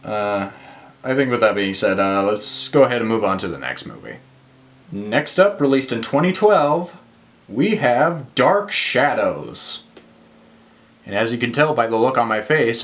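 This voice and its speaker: A man's voice: medium pitch, big pitch swings, unhurried, fairly bright tone. A young man reviewing films in a casual rant, exasperated, swearing and using lots of fillers. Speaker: movie reviewer.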